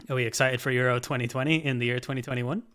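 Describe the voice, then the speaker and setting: A man's voice: mid-range voice, fairly even intonation, fast talker, a bit bright. A man hosting a casual podcast with friends, teasing them and laughing often. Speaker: podcast host. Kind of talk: casual chat.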